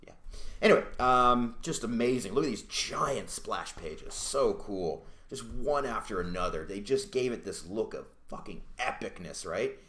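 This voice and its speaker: A man's voice: fairly low pitch, lively intonation, a little slow, fairly bright tone. Casual, swearing man in a roomy room. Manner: loose and profane, swears often, rambling with restarts. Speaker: comic book reviewer. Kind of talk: casual video review. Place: indoors at home. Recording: roomy echo.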